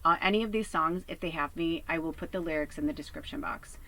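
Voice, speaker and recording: A woman's voice: deep voice, fast, a bit bright, slight background noise, low-quality recording. A woman from Chicago talks straight to her viewers as a psychic medium in a casual vlog. Her telling is loose, profane and heated, full of "like" and "you know.". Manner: lots of fillers like "you know" and "like".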